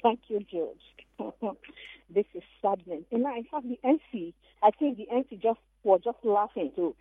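A woman with a Nigerian accent calling into a radio show, telling an animated, emphatic story. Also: mid-range voice, normal speed, husky. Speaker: caller. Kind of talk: call-in radio comment. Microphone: phone. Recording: tinny phone line.

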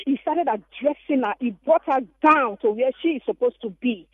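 A woman with a Nigerian accent calling into a radio show, telling an animated, emphatic story. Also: high voice, normal speed. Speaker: caller. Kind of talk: call-in radio comment. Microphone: phone. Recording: tinny phone line.

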